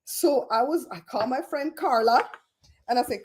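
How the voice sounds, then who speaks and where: Gossipy middle-aged lady running a live stream, animated, laughs a lot, mellow tone. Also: high-pitched, moderate pace. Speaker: livestream host. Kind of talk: casual livestream chat.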